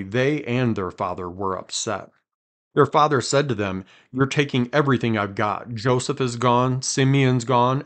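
A man hosting a podcast, reading scripture aloud with quiet dramatic emphasis and chatting between passages. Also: on the low side. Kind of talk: conversational Bible reading.

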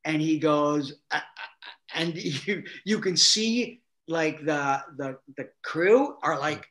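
A middle-aged man, a guest actor, telling animated anecdotes and acting out quotes with laughter. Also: on the high side, normal speed. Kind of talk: anecdotal storytelling.

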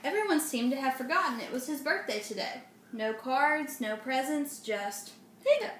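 A woman reading a children's picture book aloud, expressive, with asides to young listeners. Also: high-pitched, moderate pace, roomy sound, slight background noise. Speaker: storybook reader.

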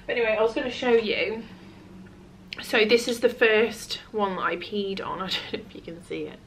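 In a home vlog, a British woman chats to camera, rambling with lots of fillers and frequently out of breath. She speaks at a medium pitch and normal speed with fairly even intonation and a slightly bright tone, over a faint hiss or hum.

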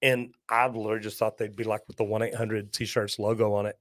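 A man hosting a live plumbing Q&A, telling lively folksy stories and joking as he reads viewer comments. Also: on the low side, fairly quick, dry recording, studio quality. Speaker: plumber and show host.

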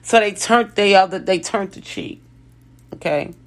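A woman's voice: medium pitch, unhurried. A woman telling a personal story in casual speech, full of restarts and self-corrections, acting out other people's lines. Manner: animated, restarts and self-corrections, lively quoted voices.

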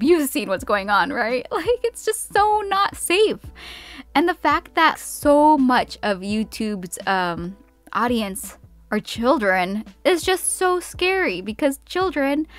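A young woman venting casually in a vlog, rambling and animated, restarting sentences as she goes. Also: on the high side, dry recording. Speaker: YouTuber.

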